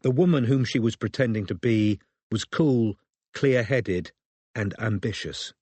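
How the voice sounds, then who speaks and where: A man reading a crime novel aloud as audiobook narrator, in measured scripted narration. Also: medium pitch, darkish tone, husky, no room sound.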